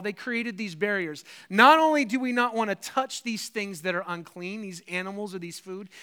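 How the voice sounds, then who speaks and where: A man's voice: very high-pitched, bright, forceful tone, clean tone. A man preaching a sermon, earnest and explanatory, often restarting phrases and quoting scripture. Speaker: pastor.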